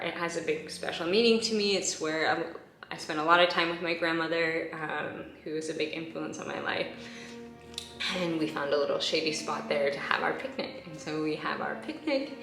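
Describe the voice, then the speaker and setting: A woman's voice: sits low, sharp tone, reverberant, rough recording. A young woman telling a personal story to camera in a casual vlog, chatty and emotional, laughing often between thoughts. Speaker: vlogger.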